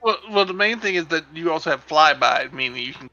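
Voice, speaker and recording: A man's voice: a little high, expressive, a little fast, bright, forceful tone, dry recording, lo-fi sound, soft background music. A man playing in a tabletop game, joking and laughing with the table. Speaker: player. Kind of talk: casual tabletop game chat.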